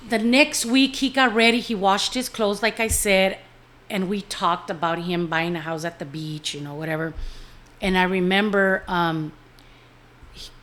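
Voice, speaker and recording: A middle-aged woman telling a personal story in an interview, candid and earnest, swearing casually and dropping in Spanish words. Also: medium pitch.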